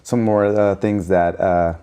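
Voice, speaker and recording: A man co-hosting a comedy podcast, chatting casually with dry, deadpan jokes. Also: sits low, takes it slowly, clear, resonant tone. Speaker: podcast co-host.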